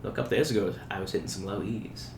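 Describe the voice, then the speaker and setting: Brief: earnest young male guest, low voice, hesitant and sincere, echoey room with faint hum. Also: quick pace. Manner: earnest, thoughtful, hesitant with fillers. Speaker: camp staff guest. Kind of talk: casual interview chat. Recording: roomy recording with faint background hum.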